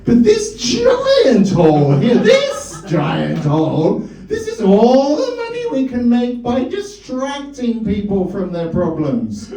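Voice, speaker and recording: A man's voice: very high voice, wildly swooping pitch, slow, hardly any pauses, mellow, pitched above the performer's own voice, heavily acted. A man voicing a Freud-like father with a bad German accent, lecturing his children over dinner. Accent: mock German. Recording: roomy club sound from a distance.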